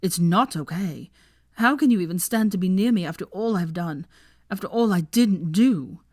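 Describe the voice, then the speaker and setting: A woman doing a guilt-ridden young man, low and dry. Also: lively intonation, moderate pace, darkish tone, no echo. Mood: pleading. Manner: urgent, pained, swearing. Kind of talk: fan fiction reading.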